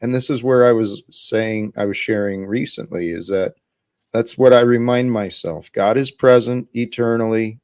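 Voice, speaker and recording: A man hosting a livestream faith talk, speaking earnestly in a preacherly way and rising with excitement at times. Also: fairly low pitch, no room sound, studio quality. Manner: earnest, preacherly, slow and deliberate with excited rises. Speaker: host.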